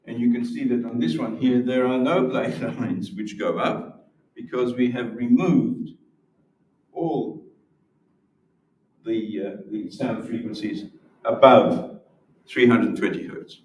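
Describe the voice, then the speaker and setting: Man presenter at a symposium, mid-pitched, explaining step by step, caught from a distance in a roomy hall. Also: slow, long pauses, darkish tone, slight background noise. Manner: explanatory, repeats words when restarting. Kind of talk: academic lecture with demonstrations. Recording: roomy echo from far off.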